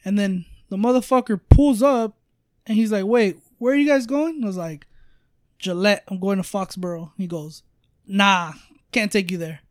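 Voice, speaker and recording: A man's voice: high voice, moderate pace, no room sound, clean studio sound. A man telling a travel story in casual podcast chat, rambling with lots of fillers and swearing. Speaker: storyteller guest.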